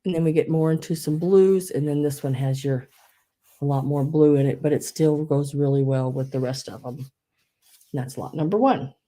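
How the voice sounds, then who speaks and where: A low, mellow-voiced woman chats her way through a live online sale. She rambles, restarts her sentences and fills gaps with ums, and her breath is a little wheezy. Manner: rambling, many fillers and restarts. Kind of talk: casual live sales chat.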